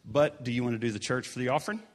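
A man's voice: medium pitch, racing. A man giving casual church announcements during a service in a sanctuary, earnest and encouraging with chatty asides.

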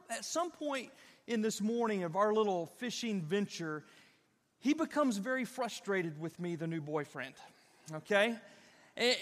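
A man from Southern Illinois, a pastor telling a folksy, animated story in a sermon. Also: high-pitched. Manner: folksy, animated, addresses the audience directly. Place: church sanctuary. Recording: reverberant church hall.

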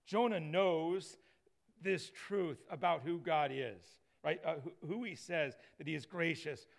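A man preaching a sermon, swinging from loud emphatic lines to soft hushed ones. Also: mid-range voice, gravelly. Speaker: pastor.

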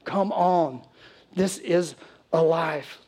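Pastor guy preaching, urgent and pushy, voice on the high side. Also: extremely slow, darkish tone. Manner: storytelling, acts out quoted voices; urgent, exhorting. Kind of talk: sermon.

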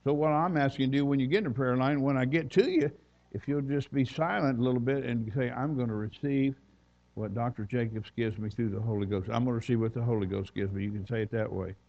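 A man's voice: mid-range voice, fast talker. Folksy male preacher, lo-fi recording. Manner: folksy storytelling, reads scripture aloud. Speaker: visiting preacher. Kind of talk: sermon.

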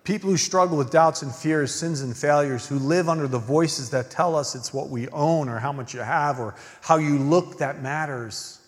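A man's voice: a little high, normal speed, few pauses. Earnest male pastor in a reverberant hall. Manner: earnest, swings from emphatic questions to hushed near-whispers. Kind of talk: sermon. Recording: long reverb of a large hall.

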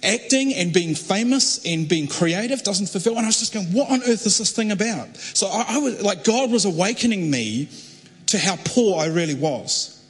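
A young man preaching a testimony, telling his story animatedly and acting out other voices, with a husky voice. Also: high-pitched, normal speed. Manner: animated, acts out quoted voices. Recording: echoey hall with long reverb.

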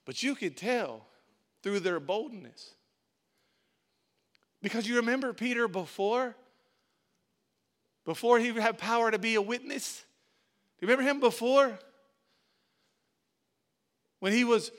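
A middle-aged man preaching a sermon as pastor. He moves from quiet storytelling to loud, animated preaching and calls on the congregation. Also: extremely high pitch, unhurried, long pauses. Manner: calls on the congregation, uses "y'all".

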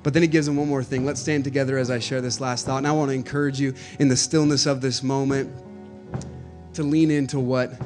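A male pastor preaching a sermon, moving from quiet teaching to loud, urgent exhortation and calling out "hey" to the congregation. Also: medium pitch, little pitch movement, brisk, soft background music.

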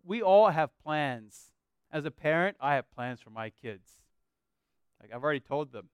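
A man's voice: on the high side, lively intonation, smooth, no echo. Earnest Australian preacher, male, clean and resonant, dry close sound. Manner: earnest, slows down for scripture and prayer. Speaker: pastor. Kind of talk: sermon.

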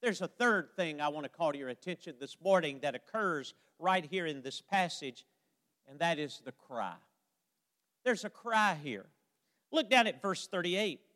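A man delivering a sermon in a high, slow-paced voice. He preaches emphatically, quotes old scripture and stretches out the ends of his phrases. His voice carries a long hall reverb. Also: expressive, bright, forceful tone.

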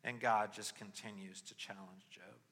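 A young adult man preaching a sermon with personal testimony, moving from quiet reflection to loud, impassioned pleading. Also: lowish voice, steady tone, normal speed, slightly rough. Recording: long hall reverb.

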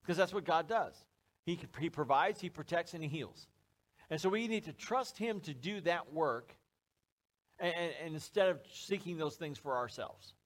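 A man's voice: a little high, lively intonation, normal speed. A man preaching a sermon to a church congregation, speaking in a conversational, joking way. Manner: conversational, joking, acts out little scenes. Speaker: pastor. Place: church service before a live congregation.

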